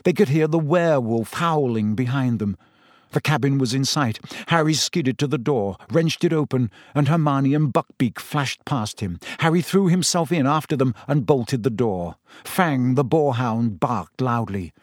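A man reading a fantasy novel aloud in steady, measured storytelling narration. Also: medium pitch, no echo, clean studio sound. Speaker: audiobook narrator. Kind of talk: scripted narration.

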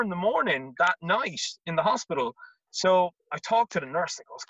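Bright-voiced Irish man telling a story. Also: high-pitched, normal speed, husky, dry recording, highs cut off. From Ireland. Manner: animated storyteller, repeats words, acts out quotes. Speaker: guest, former college tennis player. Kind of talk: casual storytelling interview.

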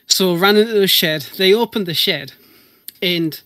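A man's voice: sits high, brisk, a bit bright, no room sound. A man telling a long story in casual chat, rambling with many restarts and casual swearing.

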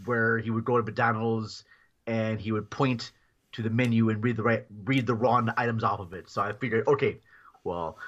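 A man's voice: medium pitch, a bit bright, muffled recording. A man, a podcast guest, telling a rambling story in casual chat and chuckling as he goes.

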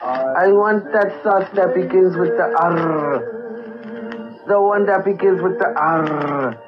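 A man voicing a bossy middle-aged female mob matriarch with a drawn-out, commanding delivery. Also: high voice, highs cut off, loud music behind the voice, voice pushed up.

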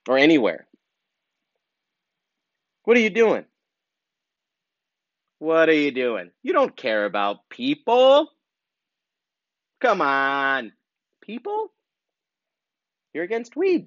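A man performing a rambling comic monologue, full of fillers and animated asides. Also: medium pitch, no echo, lo-fi sound. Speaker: comedian.

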